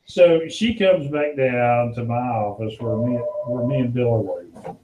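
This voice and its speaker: A man hosting a podcast, casually telling an animated story and now and then putting on a higher voice for the people in it. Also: unhurried, echoey room, phone-quality sound. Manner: animated storyteller, acts out quotes in a higher voice, laughs often. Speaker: podcast host.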